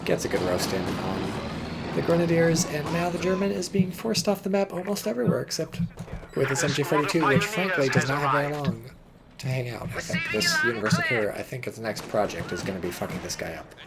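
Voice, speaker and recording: A man's voice: medium pitch, expressive, a little fast, a loud crowd. A man giving casual, chatty play-by-play commentary on a strategy game, joking and swearing off-hand on a desk mic. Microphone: desk microphone. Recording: voice over loud game battle audio.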